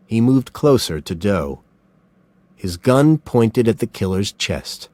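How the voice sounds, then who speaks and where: A man narrating a story in a slow, scripted reading. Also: lowish voice, expressive, a little mellow, no room sound.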